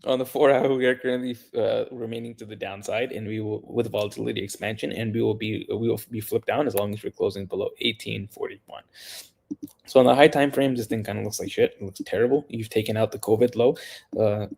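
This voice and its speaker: Male market analyst, low gravelly husky voice, rapid technical delivery with restarts. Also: fairly even intonation, darkish tone. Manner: rapid, technical, with self-corrections. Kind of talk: casual chart analysis.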